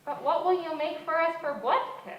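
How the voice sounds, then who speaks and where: A teen girl playing a small child who begs and tattles on a sibling. Her voice is high and bright, and it echoes around a school stage. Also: fairly quick, lo-fi sound, a little hiss or hum. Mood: pleading. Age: teens. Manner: pleading, tattling. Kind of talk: stage play acting.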